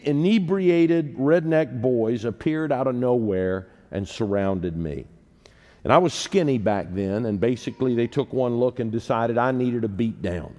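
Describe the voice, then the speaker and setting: A man in his sixties preaches from the pulpit and tells his stories with self-deprecating humor. His voice sits at an ordinary middle pitch. It rings out with the long reverb of a large church sanctuary. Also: animated, a little slow, a little mellow. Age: 60s. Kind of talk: sermon with personal storytelling.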